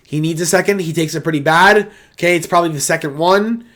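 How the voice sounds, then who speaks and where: A young man hosting a casual fight breakdown, profane and excitable, swinging from loud outbursts to low muttering. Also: fast talker. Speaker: MMA reaction host.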